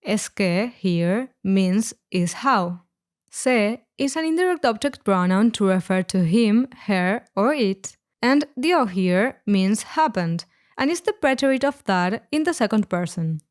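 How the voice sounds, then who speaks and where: A woman narrating a scripted language lesson, explaining words clearly and slowing down on each example. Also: medium pitch, animated. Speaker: Spanish teacher.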